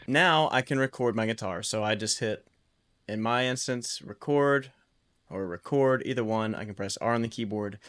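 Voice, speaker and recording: A man giving a casual home-studio guitar recording tutorial in a relaxed, explanatory way, with loose restarts. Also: lowish voice, moderate pace.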